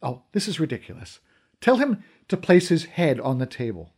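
Brief: a cool deadpan sorceress, put on by a male reader, quiet and calm. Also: on the high side, moderate pace, breathy edge. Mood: impatient. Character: calm, dry-witted sorceress, woman.

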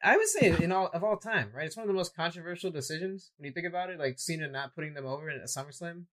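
A man's voice: fairly high pitch, expressive, fast talker, a bit bright, low-quality recording. Opinionated man in wrestling chat. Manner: opinionated, dismissive, rambling. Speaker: podcast co-host. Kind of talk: casual wrestling discussion.

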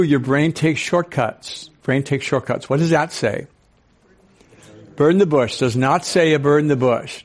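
Older male speaker, sixties, animated, audience questions, storytelling. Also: medium pitch. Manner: storytelling with acted-out quotes. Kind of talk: talk to a live audience.

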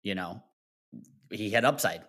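A man's voice: lowish voice, unhurried, fairly bright tone. A man co-hosting a college sports podcast, talking in a rambling, self-correcting way. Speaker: podcast co-host. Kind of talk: casual sports chat.

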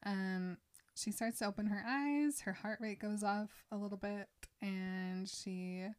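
A woman hosting a casual podcast, retelling a novel's scenes in a chatty way and quickly voicing the characters' lines. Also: mid-range voice, fairly even intonation, clean tone. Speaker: podcast host recapping a book. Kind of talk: casual book recap chat.

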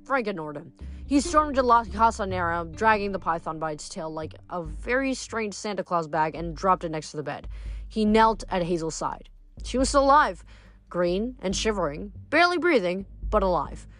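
A woman's voice: medium pitch, animated, normal speed, fairly bright tone, faint music behind. Woman reading a novel aloud. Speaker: audiobook reader.

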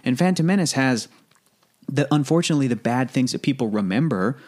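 A man's voice: medium pitch, lively intonation, a little fast, a little mellow. Chatty male podcast host. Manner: chatty, explains at length with restarts. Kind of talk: casual movie podcast chat.

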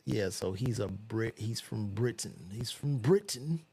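A man's voice: on the low side, expressive, unhurried, darkish tone, slightly rough. A man casually reading celebrity news aloud and reacting with loose, profane commentary while he browses.

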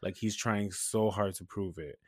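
A man from New Hampshire chatting casually as a podcast co-host, telling an animated, profane story and often laughing. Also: on the low side, measured pace, no echo, clean studio sound. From New Hampshire, USA. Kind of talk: casual chat.

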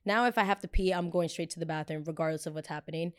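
Young woman podcast host, candid confessional storyteller, smooth clear voice, animated and salty. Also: on the low side, quick pace. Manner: candid, animated, swears freely.

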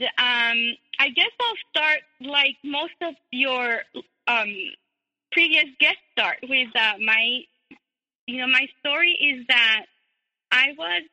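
A woman's voice: high voice, pushed and bright. A woman guest telling her personal story, hesitant with many fillers. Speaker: interview guest. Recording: tinny phone line with long reverb.

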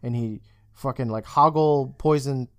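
A man of medium pitch chats on a podcast, walking through a TV episode scene by scene. He swears freely and slips into the characters' lines as he retells them. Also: unhurried, smooth. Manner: animated, swears often, acts out quoted lines. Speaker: podcast co-host. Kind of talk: casual chat recapping a TV episode.

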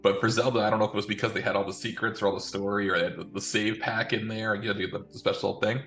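A man's voice: lowish voice, little pitch movement, racing, fairly bright tone, soft background music. A man in his thirties chatting casually as podcast co-host, rambling and restarting his sentences. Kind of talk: casual chat.

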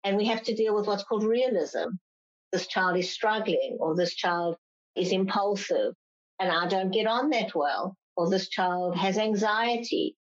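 A woman's voice: mid-range voice, a little slow. Explaining woman psychologist, slightly lo-fi. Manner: explanatory, acts out parents' complaints in raised voices. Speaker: clinical psychologist guest. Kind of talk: interview answers. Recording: slightly dull lo-fi sound.

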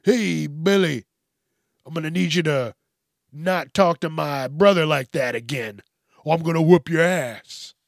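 Man playing a tough-talking animal with a gravelly, mock-polite threat. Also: on the high side, measured pace, no room sound, clean studio sound. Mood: threatening.

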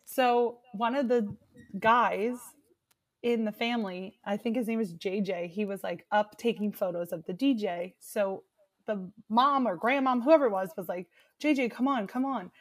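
A young woman chatting casually, telling an animated story and breaking into shrieked cheers as she acts it out. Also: mid-range voice, normal speed. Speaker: guest storyteller. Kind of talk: casual chat.

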